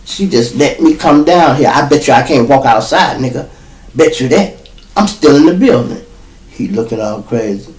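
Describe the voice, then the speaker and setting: Profane Chicago storyteller, echoey room. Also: male voice, medium pitch, normal speed. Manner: profane, animated, addresses listeners as y'all. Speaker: podcast host. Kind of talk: comedic street storytelling. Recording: echoey room, distant mic.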